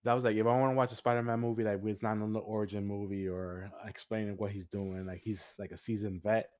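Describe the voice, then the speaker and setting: A man's voice: lowish voice, level tone, fast, darkish tone, dry recording. A man co-hosting a podcast, chatting casually and rambling with lots of fillers and laughter. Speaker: podcast co-host. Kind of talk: casual chat.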